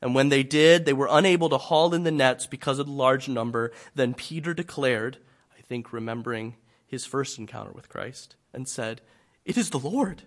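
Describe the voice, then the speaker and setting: A man preaching a sermon, telling a scripture story dramatically, swinging from loud to hushed. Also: medium pitch, moderate pace.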